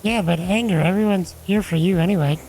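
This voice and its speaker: A woman streaming a game, chatting casually and teasing her viewers and a friend. Her voice sits a little low for a woman. Faint music plays behind her desk mic. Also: a little fast, darkish tone, poor audio. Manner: playful, chatty, addresses chat directly. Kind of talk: casual live-stream chat.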